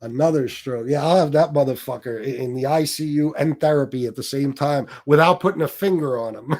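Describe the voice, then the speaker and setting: A man's voice: medium pitch, a little fast, hardly any pauses, a little mellow. A man hosting a livestream, ranting combatively and swearing heavily as he taunts his critics. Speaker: livestream host. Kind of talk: profane livestream rant.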